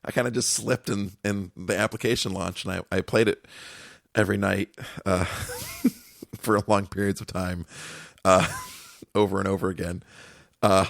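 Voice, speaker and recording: A man's voice: low voice, steady tone, measured pace, gravelly, pauses often, fairly bright tone, dry recording, studio quality. A man co-hosting a podcast in casual chat, easygoing and reassuring, full of fillers. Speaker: podcast co-host.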